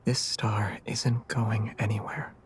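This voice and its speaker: Xavier, a gentle whispering lover. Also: male voice, on the low side, level tone, a little hiss or hum. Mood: tender. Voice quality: soft breathy whisper. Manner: slow, intimate and reassuring. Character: gentle soft-spoken young man, tender lover. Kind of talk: whispered role-play.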